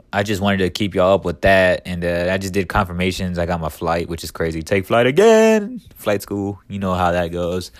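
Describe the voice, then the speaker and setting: Low-voiced man ranting on a podcast. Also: dry recording. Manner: profane, rambling, heavy use of "like" and "man"; heated ranting bursts. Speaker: podcast host. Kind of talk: casual podcast monologue.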